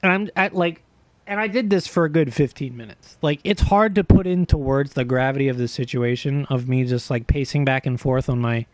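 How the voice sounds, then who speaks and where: A man livestreaming, telling a long story in a profane, animated, self-mocking way. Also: mid-range voice, fairly quick, dry recording. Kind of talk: casual storytelling stream chat.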